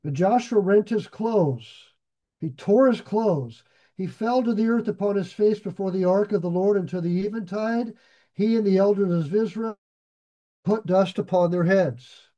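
A man's voice: sits high, moderate pace, dark tone, dull audio. A middle-aged man preaching, reading scripture aloud and paraphrasing it in plain everyday words. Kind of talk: Bible teaching sermon.

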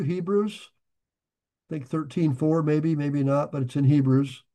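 An older man preaching a sermon, folksy and animated, joking and swinging his volume up and down as he reads scripture. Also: sits high, moderate pace. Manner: folksy, animated preaching with jokes and sudden shifts of loudness. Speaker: pastor.

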